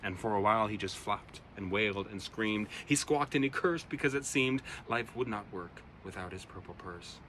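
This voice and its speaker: A man reading his own rhyming children's poem aloud, with an expressive, rhythmic delivery. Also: lowish voice, moderate pace, few pauses, slight background noise. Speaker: storyteller.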